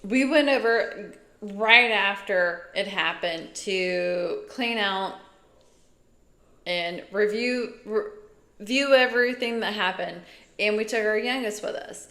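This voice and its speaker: Bright-voiced chatty woman podcaster. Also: mid-range voice, slow pace. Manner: chatty, exclamatory. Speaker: podcast co-host. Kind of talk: casual chat. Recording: echoey room.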